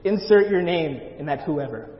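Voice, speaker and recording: A man's voice: on the high side, lively intonation, moderate pace. A man preaching a sermon in a church, earnest and pleading, repeating his phrases for emphasis. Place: church sanctuary. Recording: echoey church hall, dull lo-fi sound.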